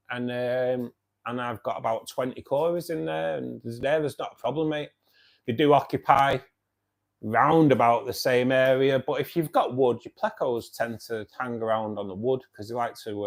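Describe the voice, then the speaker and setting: A man's voice: mid-range voice, vocal fry. A man with a Manchester accent hosting a live stream, chatting casually and greeting viewers by name as he reads their comments. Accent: Mancunian English. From Manchester area, England. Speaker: live stream host of a fish club. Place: home by his fish tank.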